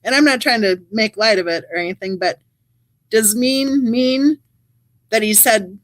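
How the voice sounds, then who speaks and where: Hosting a true crime channel, a woman casually reads viewers' live chat comments aloud at an unhurried pace, tossing in wry, chatty remarks between them. Her voice is a bit high, and the sound is dry and close with no room echo.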